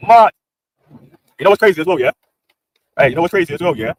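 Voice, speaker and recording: A man's voice: fairly high pitch, lively intonation, fast talker. A British man hosting a livestream, ranting in casual street slang with lots of banter. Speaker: livestream host.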